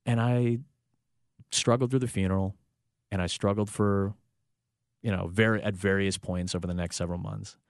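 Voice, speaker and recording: A man speaking earnestly as an interview guest, halting and restarting as he reflects. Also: sits low, steady tone, dry recording, clean studio sound.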